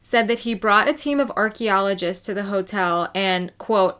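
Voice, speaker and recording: A woman co-hosts a relaxed true crime podcast. She tells the story loosely, swears freely and keeps a conversational tone. Her pitch sits at an ordinary middle level. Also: moderate pace, hardly any pauses, clean tone.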